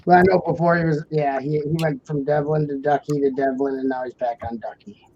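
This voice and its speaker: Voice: mid-range voice, fairly even intonation, brisk. A young adult live-stream host from Indiana chatting casually and reading viewer comments, rambling with many "like" fillers and laughing easily. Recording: muffled stream audio with faint noise.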